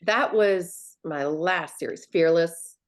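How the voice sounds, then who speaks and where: A woman's voice: fairly low pitch, slow. A middle-aged woman author chatting casually, telling stories and acting out quoted lines with big swings in her voice. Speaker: author guest. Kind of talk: casual chat.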